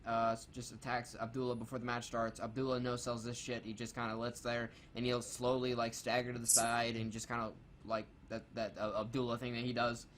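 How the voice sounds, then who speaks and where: A man's voice: medium pitch, monotone, fairly quick, hardly any pauses, fairly bright tone, a little hiss or hum. A man co-hosting a casual review of a wrestling show, reading his notes aloud, swearing freely and making sarcastic jokes. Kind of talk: casual, profane review commentary.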